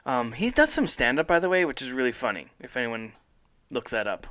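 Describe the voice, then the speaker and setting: A man's voice: mid-range voice, very animated, a little fast, a bit bright. A man hosting a casual podcast chat, rambling enthusiastically and laughing often. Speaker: podcast host.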